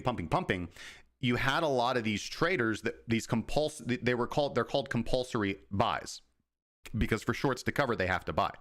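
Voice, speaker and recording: A man who hosts a livestream and talks through crypto markets in an informal, explaining way. He often acts out traders' thoughts in quick asides. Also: mid-range voice, fairly bright tone. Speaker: crypto market analyst, host. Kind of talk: casual livestream market commentary.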